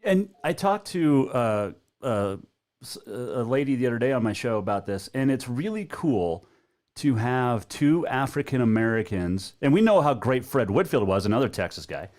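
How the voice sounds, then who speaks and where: A man's voice: medium pitch, big pitch swings, moderate pace, a little mellow. A man from Montana hosting a talk show and chatting in an easygoing way with a guest. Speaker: host.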